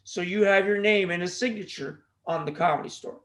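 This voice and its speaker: Brief: male podcast host, high voice, loose rambling monologue full of jokes and tangents. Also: brisk, a bit bright. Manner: jokey, goes off on tangents, plugs the show.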